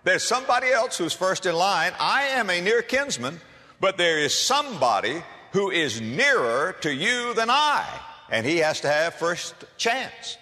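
A man's voice: high voice, very animated, measured pace, bright, forceful tone, big-room sound, exaggerated voice. A man voicing Boaz, a kindly ancient landowner, in plain conversational speech while retelling a story. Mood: earnest.

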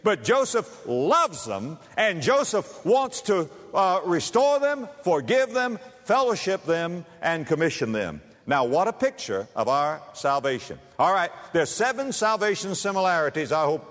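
Dramatic preacher man in a reverberant hall. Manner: dramatic swings from loud high emphasis to low quiet delivery; reads scripture aloud, drawn-out stressed words. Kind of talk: sermon.

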